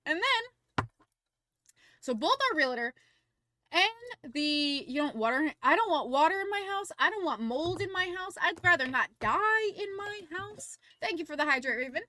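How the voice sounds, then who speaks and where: A young woman streaming, chatting casually and telling a rambling, animated story full of fillers. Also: high voice, moderate pace, dry recording, studio quality. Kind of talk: casual livestream chat and visual novel read-along.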